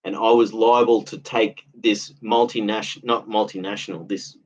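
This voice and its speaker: A man's voice: fairly low pitch, fairly even intonation, normal speed, breathy edge. A man, talking in a rambling, aggrieved monologue that circles back and repeats itself. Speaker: vlogger. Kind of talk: casual monologue. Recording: dull lo-fi audio.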